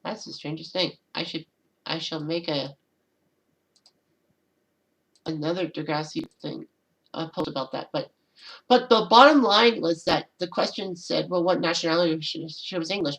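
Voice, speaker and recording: Creaky-voiced woman rambling to camera. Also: deep voice, normal speed, a bit bright, rough recording. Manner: rambling, repeats "and all that". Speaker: channel host. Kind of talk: casual solo commentary.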